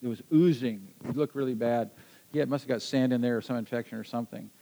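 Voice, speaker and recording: A man's voice: medium pitch, vocal fry, low-quality recording. Man telling an adventure story. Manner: lively, halting with frequent restarts.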